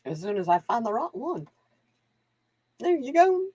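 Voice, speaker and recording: A woman's voice: a little high, very animated, measured pace, a little mellow, slightly rough, no room sound, muffled recording. A woman hosting live card readings, chatting casually to viewers and laughing often as she wanders off into stories. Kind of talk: casual livestream chat.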